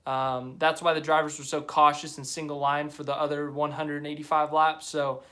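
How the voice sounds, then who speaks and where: A man's voice: fairly high pitch, little pitch movement, moderate pace, bright, forceful tone. A young man hosting a live stream, chatting casually and rambling as he reads viewer comments aloud. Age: young adult.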